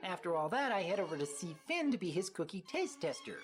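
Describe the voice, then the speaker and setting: A woman's voice: fairly low pitch, sing-song, fairly quick, faint music behind. A woman voicing a playful, cheeky young female fighter with a teasing, breezy manner.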